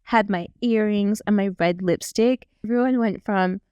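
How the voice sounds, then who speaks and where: A woman's voice: medium pitch, moderate pace, dark tone, smooth, dry recording. A young woman in her twenties rambles happily as she reacts to her old clips. She is chatty and self-mocking. Her voice is recorded dry and close, with no room sound. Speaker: vlogger. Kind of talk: casual reaction chat.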